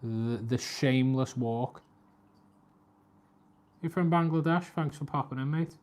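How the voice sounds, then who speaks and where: A man's voice: a little slow, a little mellow. A man, chatting casually on a live stream, talking to his cat and reading out viewer comments. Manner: chatty, talks to his cat and viewers, voice jumps high when scolding.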